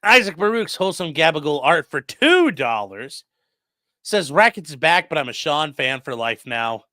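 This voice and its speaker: Lively bright-voiced man streaming. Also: fairly high pitch, normal speed, dry recording, studio quality. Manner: loose, profane, conversational. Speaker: defense attorney streamer. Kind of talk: casual livestream commentary reading chat.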